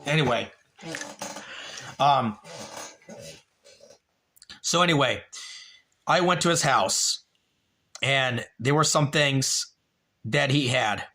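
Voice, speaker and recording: Rambling male streamer with a bright voice. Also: mid-range voice. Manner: rambling, repeats a friend's name, halting with fillers; emotional when speaking of a dead relative. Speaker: live streamer. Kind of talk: rambling live-stream chat.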